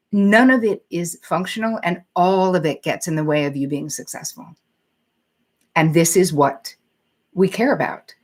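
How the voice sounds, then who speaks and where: A woman's voice: fairly low pitch, moderate pace. A woman psychotherapist hosting a live-streamed talk, speaking candidly and conversationally, swearing casually and reading out viewer comments as she goes. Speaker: psychotherapist and show host.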